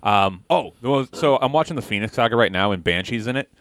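Animated man chatting on a podcast. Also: mid-range voice, a little fast, no echo, studio quality. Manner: animated storytelling, swears and laughs. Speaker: podcast host. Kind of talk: casual chat.

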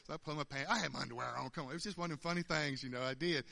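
Talking very fast with few pauses, a church speaker in his 50s shares a folksy testimony full of stammers, repeated words, and frequent chuckles. His slightly high voice sounds gravelly, pushed, and bright.

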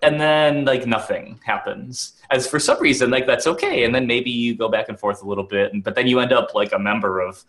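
A man's voice: mid-range voice, brisk, hardly any pauses, fairly bright tone. A man from Wisconsin co-hosting a podcast, chatting casually with lots of "like". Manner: chatty, peppered with "like". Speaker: podcast co-host. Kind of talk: casual chat.

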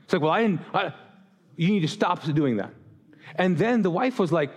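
High-pitched and animated, with a breathy edge, a moderate pace and long pauses, a man who grew up Muslim preaches as pastor on a church stage. He addresses the congregation directly, restarting sentences often and voicing the people he quotes.

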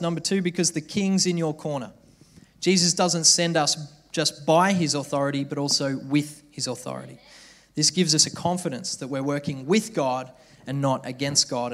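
A young man preaching a sermon, telling a story with lively mimicked voices. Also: a little high, normal speed, soft background music.

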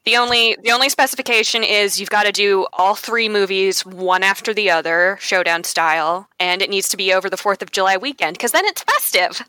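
A woman's voice: mid-range voice, fairly quick, few pauses, sharp tone, dry recording. A woman guest on a podcast in casual chat, articulate and wordy, playfully dramatic.

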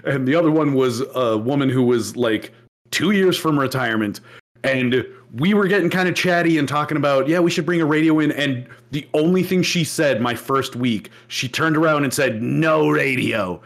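A young man co-hosting a casual podcast, telling stories with lively swings into mocking voices. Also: medium pitch, moderate pace. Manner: animated storyteller who swings into mocking voices. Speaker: podcast co-host. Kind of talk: casual chat.

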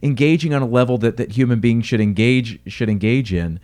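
A man's voice: medium pitch, fairly quick. A man with a mid-range voice talks through his advice to restaurant managers with coaching energy. He often acts out little exchanges between guests and staff. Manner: energetic, coaching tone, quotes others. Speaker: restaurant consultant. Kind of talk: casual podcast conversation.

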